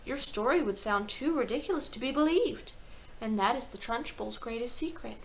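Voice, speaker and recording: A woman voicing a clever, calm little schoolgirl who explains things earnestly. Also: fairly high pitch, moderate pace, a little hiss or hum, rough recording.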